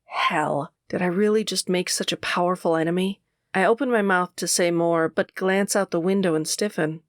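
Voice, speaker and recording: A woman narrating a first-person audiobook in a steady, measured way. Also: fairly low pitch, no echo, clean studio sound.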